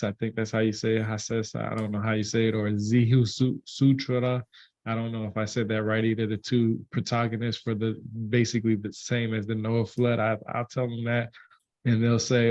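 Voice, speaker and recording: A man's voice: lowish voice, little pitch movement, normal speed, darkish tone, no room sound, lo-fi sound. A man hosting a casual online talk, rambling with many restarts and fillers.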